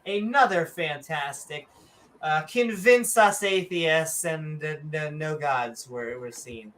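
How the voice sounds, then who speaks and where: Bright, unhurried sarcastic woman. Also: low voice. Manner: joking, sarcastic, mock-announcer asides. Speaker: podcast co-host. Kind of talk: casual livestream chat.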